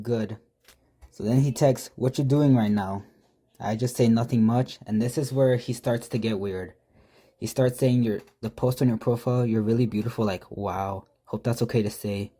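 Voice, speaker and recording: A man's voice: fairly low pitch, warm tone. A man casually telling a prank story, reading out text messages with profane, mocking, exasperated commentary.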